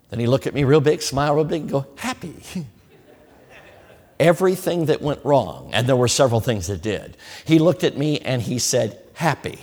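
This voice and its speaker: A man's voice: a little high, a little mellow, in a large hall. A man preaching a sermon, telling a story with folksy humor and talking straight to his listeners. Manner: folksy, humorous, addresses the audience directly.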